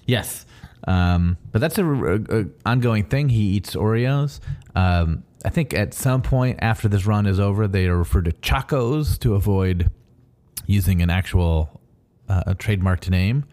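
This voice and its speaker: A man with a very low voice in casual podcast chat, filling in comic history and trivia between his co-host's retellings. He talks loosely, with plenty of fillers. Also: a little slow, darkish tone. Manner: adds fan background and trivia, with frequent fillers. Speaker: podcast co-host.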